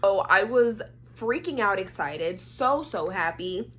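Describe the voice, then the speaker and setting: A woman's voice: mid-range voice, takes it slowly, slightly rough. A young woman from Atlanta, Georgia telling a story in a casual, chatty vlog and acting out the voices of the people in it. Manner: chatty, animated, acts out quoted voices. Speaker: vlogger.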